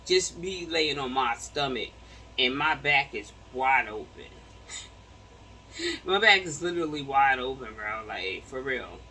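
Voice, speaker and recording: Animated woman telling a story. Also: extremely low pitch, takes it slowly, distant mic, a little hiss or hum, rough recording. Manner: animated, repeats words, acts out quotes. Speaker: vlogger. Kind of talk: casual storytelling to viewers.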